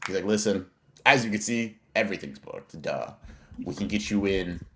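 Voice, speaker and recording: Low-voiced young man telling a slangy story. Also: normal speed, a little hiss or hum. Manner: animated storyteller, slangy and profane. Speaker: podcast co-host. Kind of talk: casual storytelling chat.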